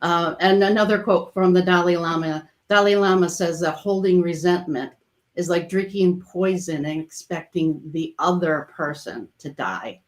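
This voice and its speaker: A woman coach hosting a casual online chat, speaking gently and reflectively. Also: low-pitched. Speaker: coach and host.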